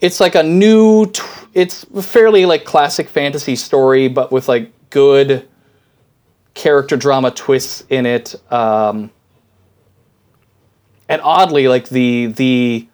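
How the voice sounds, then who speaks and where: This podcast co-host has a smooth, darkish, mid-range voice. He chats casually and eagerly, wandering off on tangents and filling his speech with fillers.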